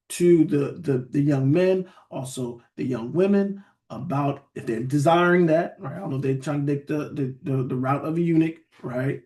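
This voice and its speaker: A man's voice: a little high, a little mellow. Man teaching scripture with "right?" tags. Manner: conversational, asks "right?" and "what?" often, reads verses aloud. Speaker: Bible teacher.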